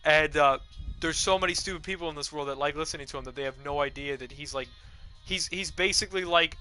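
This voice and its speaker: A man's voice: on the high side, quick pace, pushed and bright, soft background music, low-quality recording. A young man streaming a video game, chatting casually in a profane, rambling, digressive rant. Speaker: gaming streamer.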